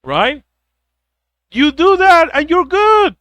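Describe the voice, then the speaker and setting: High-voiced guy ranting, swears a lot, super animated, dry close sound. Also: moderate pace, no echo, dull audio. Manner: blunt, profane, repeats words when heated; mocks others in put-on whiny quotes. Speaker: vlogger giving advice. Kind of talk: ranting monologue.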